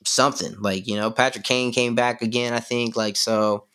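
A man's voice: medium pitch, steady tone, normal speed, sharp tone, smooth. A man co-hosting a sports podcast, talking loosely and profanely with lots of slang and fillers. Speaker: podcast co-host. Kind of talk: casual sports chat.

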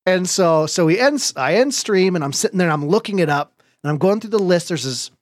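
Animated man telling a gaming story. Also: sits high, a little fast, no echo. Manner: animated storytelling, laughs often, swears. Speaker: podcast host. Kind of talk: casual podcast chat.

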